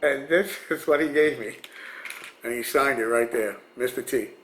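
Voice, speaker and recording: In an echoey room with a little hiss or hum, a male vlogger swaps celebrity encounter stories in a loose, rambling way. His mid-range voice is fairly bright and moderately paced, broken by frequent restarts and small chuckles.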